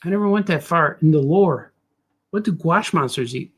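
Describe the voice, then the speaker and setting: A man's voice: a little high, animated, normal speed, a little hiss or hum. A man cartoonist chatting casually and thinking aloud as he draws, rambling and cracking jokes. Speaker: cartoonist drawing on a show. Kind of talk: casual commentary while drawing.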